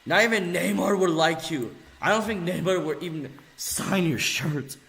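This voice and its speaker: A young man ranting angrily on video, mocking and insulting, swinging between low mutters and loud yells. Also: moderate pace, vocal fry. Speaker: video ranter. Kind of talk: angry rant video. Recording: echoey room.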